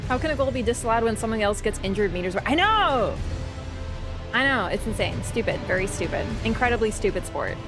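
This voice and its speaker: A woman's voice: medium pitch, quick pace, hardly any pauses, music in the background. A woman streamer in a casual live-stream chat, rambling and swearing as she rants.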